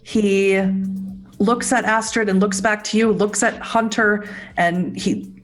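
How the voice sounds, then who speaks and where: A woman narrating a tabletop horror game as game master, describing scenes in a measured way. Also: mid-range voice, steady tone, soft background music, poor audio.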